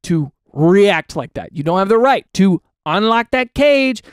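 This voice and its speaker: A man riffs through comic commentary on online posts with a pitch that leaps all over the place. He rants in mock exasperation and slips into goofy quoted voices. The sound is close and dry, with no room around it. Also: a little slow, clean tone, no echo. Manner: animated, ranting, mock-exasperated; drops into silly quoted voices. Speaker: comedy commentator.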